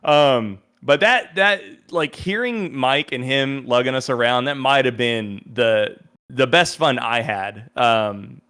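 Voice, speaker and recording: A man's voice: mid-range voice, takes it slowly, clean tone. A man telling a road trip story in a casual podcast chat, acting out the people he quotes. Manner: animated storyteller who acts out quotes. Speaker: podcast guest.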